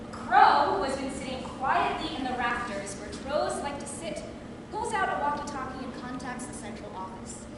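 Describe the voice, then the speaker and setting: A woman stage actor giving a live solo theatre performance, talking straight to the audience in an animated way and laughing often. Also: high-pitched, a little hiss or hum. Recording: echoey hall recorded from far off.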